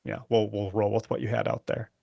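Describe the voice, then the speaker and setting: A man playing a tabletop crime game, who pitches ideas tentatively with many fillers. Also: level tone, fairly quick, vocal fry, darkish tone, no room sound. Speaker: player. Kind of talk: tabletop role-play chat.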